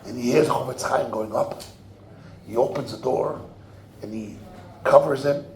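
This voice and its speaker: An older man, a rabbi telling a story in a sermon. He acts out the voices, swinging from hushed murmurs to loud cries. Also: mid-range voice, a little slow, a little hiss or hum. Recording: echoey room.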